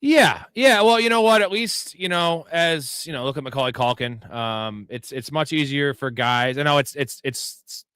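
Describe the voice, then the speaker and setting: A man's voice: a little high, lively intonation, normal speed, hardly any pauses, fairly bright tone, clean tone, dry recording. A man co-hosting a live sports talk show, chatting casually and rambling with profane jokes and laughter. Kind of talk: casual chat.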